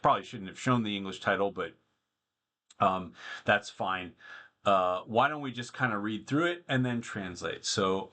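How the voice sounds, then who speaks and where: A man teaching a Latin poem in a casual spoken lesson, explaining in an easygoing way and thinking aloud with pauses. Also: on the low side, a bit bright. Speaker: Latin and Greek tutor.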